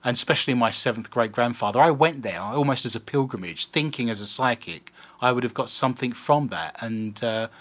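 A man's voice: medium pitch, brisk, few pauses. A British man hosting a casual radio chat, telling stories with self-mocking humour. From Britain. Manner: animated, self-mocking storyteller. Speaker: podcast host.

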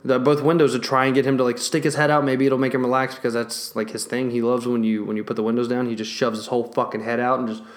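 A young man telling a story in a casual vlog, animated, swearing heavily and laughing between lines. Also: medium pitch, fast talker, hardly any pauses. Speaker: vlogger.

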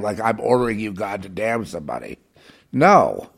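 A man's voice: lowish voice, sing-song, normal speed, vocal fry. Angry ranting man. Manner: angry, ranting, swings between loud outbursts and muttered asides. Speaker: self-described prophetic broadcaster. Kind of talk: agitated monologue.

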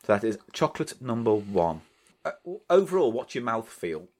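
A man with a Scouse accent co-hosting a comedy podcast, teasing in deadpan and flaring into exasperated outbursts. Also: medium pitch, normal speed. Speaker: podcast co-host. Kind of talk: comedic banter.

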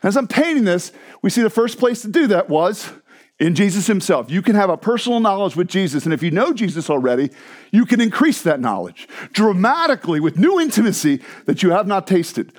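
Animated, high-voiced male preacher. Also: brisk. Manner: animated preaching, swinging from loud exclamations to quiet near-whispers; jokes and laughs with the congregation. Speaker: pastor. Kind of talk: sermon.

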